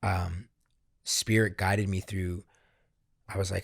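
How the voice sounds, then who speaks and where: A man, a podcast guest, candidly recounting a personal experience in casual, profanity-laced talk that grows animated when he quotes himself. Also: low-pitched, takes it slowly, vocal fry, pauses often, breathy edge, no echo, clean studio sound. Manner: swears freely, animated when quoting himself. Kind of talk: candid conversational storytelling.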